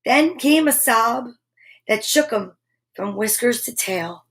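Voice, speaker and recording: A woman reading a picture book aloud to children, expressive, with exclaimed asides. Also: a little high, takes it slowly. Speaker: children's storyteller.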